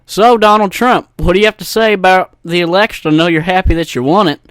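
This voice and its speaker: A man putting on a loud hyped radio DJ. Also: sits high, steady tone, no echo, voice pushed up. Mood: cheesy. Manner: hyped, shouty, drawn-out announcer delivery. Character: brash loud male morning radio DJ. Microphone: USB desk microphone.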